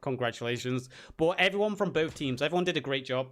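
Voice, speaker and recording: A man's voice: medium pitch, expressive, fast talker, a bit bright. A tired man, a caster rambling through a casual stream sign-off with self-deprecating jokes.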